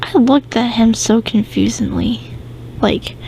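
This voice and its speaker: A woman with a slightly high, gravelly voice hosts a casual storytime podcast. She rambles, filling gaps with ums and restarting sentences, over a faint hiss in the background. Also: fairly even intonation, a little slow, a little mellow, rough recording. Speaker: podcast host.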